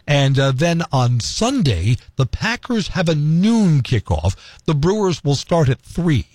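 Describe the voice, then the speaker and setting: Man, radio host, hoarse voice, lively pitch, dry studio sound. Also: unhurried, no room sound. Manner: chatty, rambling with fillers. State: hoarse, losing his voice. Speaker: radio morning show host. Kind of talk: casual radio talk. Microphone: studio microphone.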